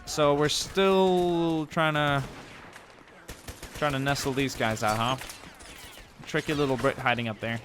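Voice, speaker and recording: A man's voice: medium pitch, fairly even intonation, unhurried, pauses often, a little hiss or hum. A young man giving joking, rambling commentary over a war game. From Sweden. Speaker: gameplay commentator. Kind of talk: gameplay commentary. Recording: game battle sounds loud behind. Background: gunfire and artillery from the game.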